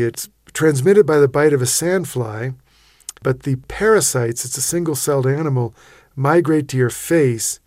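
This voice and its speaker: A man recounting an expedition as an interview guest, his voice pitched in a middling range. He tells it vividly and with animation, stumbling into restarts as he goes. The studio sound is dry and close. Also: a little mellow, dry recording. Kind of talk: storytelling in a radio interview.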